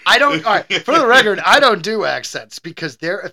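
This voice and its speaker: A male podcast co-host in a casual chat who jokes, teases and speculates animatedly. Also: high voice. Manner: joking, animated, quick to tease.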